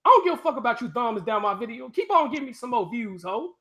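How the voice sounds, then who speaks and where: A man's voice: extremely high pitch, sing-song, quick pace, bright, forceful tone. A man on a casual live stream, ranting profanely and taunting a viewer.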